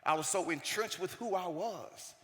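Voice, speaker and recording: A man's voice: high voice, normal speed. Man speaking on a reverberant conference stage. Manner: animated, acts out the voices of the people in his stories. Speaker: keynote speaker. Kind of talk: storytelling keynote speech. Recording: long reverb of a large hall.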